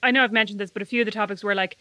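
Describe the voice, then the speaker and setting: Fast, bright-voiced teasing woman. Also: medium pitch, fairly even intonation, dry recording. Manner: quick, teasing banter. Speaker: podcast co-host. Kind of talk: casual chat.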